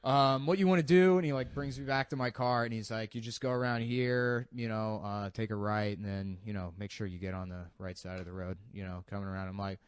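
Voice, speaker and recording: A man's voice: on the low side, flat delivery, fairly quick, few pauses, smooth, dry recording. A man in casual chat, telling a profane story in a laid-back way. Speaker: comedian telling stories.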